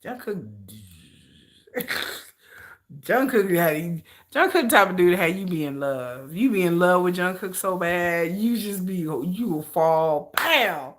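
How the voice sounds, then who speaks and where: A woman hosting a livestream in casual chat, animated and slangy, often laughing as she talks. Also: lowish voice, takes it slowly. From United States. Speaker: livestream host.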